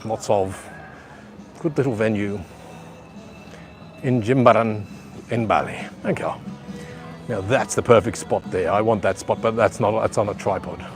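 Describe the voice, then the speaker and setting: A man's voice: on the low side, measured pace, long pauses, over music. Chatty man vlogging live outdoors. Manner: chatty, rambling, addresses viewers at home. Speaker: livestream vlogger. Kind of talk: live walking tour commentary. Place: outdoor beach resort pool area. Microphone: handheld phone camera.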